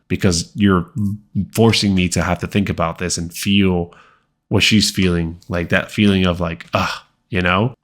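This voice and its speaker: A man with a very deep voice talks through a film review in a relaxed, off-the-cuff way. He circles back on words and piles up fillers as he thinks aloud. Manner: conversational, many fillers and repeated words; acts out quoted lines. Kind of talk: casual movie review vlog.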